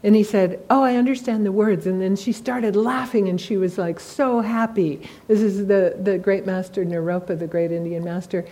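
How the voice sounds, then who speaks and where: Female Buddhist teacher, soft warm timbre, relaxed conversational delivery with lots of asides. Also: medium pitch, normal speed, few pauses. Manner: conversational, frequent "you know" asides. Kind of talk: informal dharma talk.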